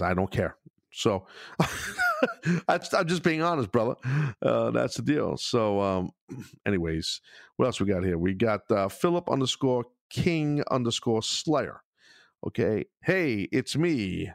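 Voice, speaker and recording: A man's voice: medium pitch, huge pitch swings, unhurried, vocal fry, no room sound, studio quality. A middle-aged man hosting a podcast in blunt, profane, casual chat. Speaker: podcast host.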